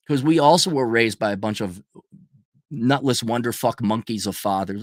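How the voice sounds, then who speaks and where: A middle-aged man ranting in a profane, mocking monologue, often mimicking people in a high falsetto. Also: normal speed, no echo, clean studio sound. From United States. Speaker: channel host.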